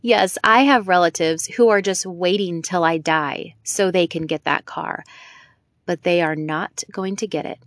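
A woman's voice: fairly low pitch, unhurried, no echo. A woman reading the part of a lonely, proud elderly widow, speaking emphatically, in a dry recording. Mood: indignant.

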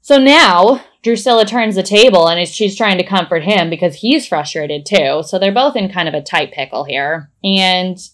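Low-voiced woman recapping with wry humor. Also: expressive, fairly bright tone. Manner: brisk, wry storytelling recap. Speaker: podcast co-host. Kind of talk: casual episode recap chat.

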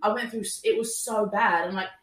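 A young woman telling a story in casual chat, animated, acting out what people said and laughing often. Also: mid-range voice, brisk, distant mic. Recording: roomy, a little off-mic.

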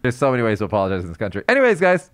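A man hosting a podcast in casual chat, animated and teasing, laughing often. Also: mid-range voice, very fast, no echo. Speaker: podcast host.

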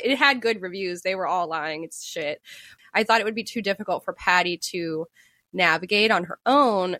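A woman's voice: lowish voice, fairly bright tone, dry recording. A woman co-hosting a podcast, telling a story in casual chat and laughing often. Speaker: podcast co-host.

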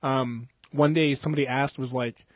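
A young man hosting a casual chat, swearing freely, laughing often and telling animated stories. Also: mid-range voice, normal speed, dry recording. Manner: profane, laughing, animated storytelling. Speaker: podcast host.

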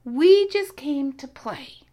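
A woman voicing a brave, playful female cat in a children's story, speaking calmly and firmly. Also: sits high, takes it slowly, voice pushed up. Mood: gentle.

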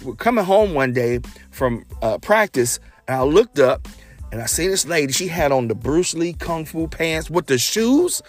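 A man hosting a podcast, telling a personal story in a casual, animated way and acting out the dialogue. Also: normal speed, soft background music. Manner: animated, acts out quoted dialogue with big pitch jumps. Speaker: podcast host.

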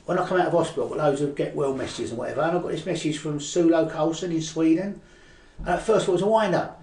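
An older Cockney man with a slightly high voice chats as an interview guest, rambling through his stories with restarts and fillers. He sits back from the mic in an echoey room. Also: animated, fast, distant mic. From East End of London. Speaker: guest poet. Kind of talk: casual interview chat.

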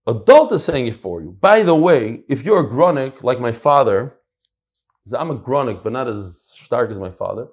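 An American man teaching a Talmud class, emphatic and animated, mixing in Hebrew and Yiddish terms. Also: mid-range voice. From United States. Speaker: Torah teacher.

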